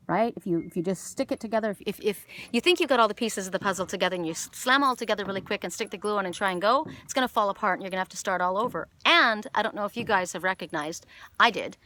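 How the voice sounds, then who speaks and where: A woman from Canada giving an oracle card reading outdoors by the water, telling a story in a rambling, animated way with many restarts. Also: mid-range voice, slight background noise. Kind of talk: casual spiritual message. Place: outdoors by water with jumping fish.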